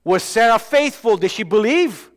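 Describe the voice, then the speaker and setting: High-voiced man preaching in a reverberant hall. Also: normal speed. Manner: animated, acts out dialogue, swings from loud to hushed. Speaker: pastor. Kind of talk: sermon.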